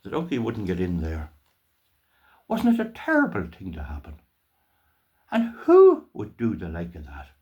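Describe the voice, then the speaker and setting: A man's voice: low voice, huge pitch swings, moderate pace, pauses often, warm tone. An older Irish man and channel host telling a story in a casual, playful way, with mock drama and stammered repeats. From Ireland.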